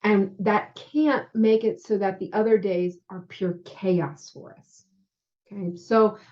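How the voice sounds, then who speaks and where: A woman's voice: mid-range voice, fairly even intonation, takes it slowly, muffled recording. A woman who works as a spiritual healer gives a casual talk to her viewers. She is chatty and often says "you know" and "right?". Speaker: spiritual healer and intuitive guide.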